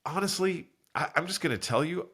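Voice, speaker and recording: A man's voice: expressive, a little fast, fairly bright tone, husky. A man hosting a solo podcast, talking earnestly and in a rambling way while congested from a cold, correcting himself and acting out quoted voices. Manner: acts out quoted voices with big pitch jumps. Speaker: podcast host. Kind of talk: solo motivational talk.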